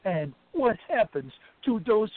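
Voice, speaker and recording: A man's voice: sits high, big pitch swings, takes it slowly, no echo, pitched above the performer's own voice, full character voice. A man reading a poem on a phone call, voicing a curious young male turkey in a Jamaican accent. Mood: pleading. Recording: phone-line call-in audio.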